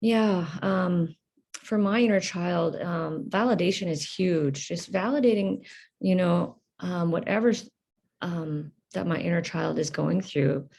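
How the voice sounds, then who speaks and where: A woman speaking in a reflective personal monologue. She talks in a hesitant, halting, earnest way, with many fillers and restarts. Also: fairly low pitch, vocal fry, darkish tone. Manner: earnest, emotional. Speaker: vlogger.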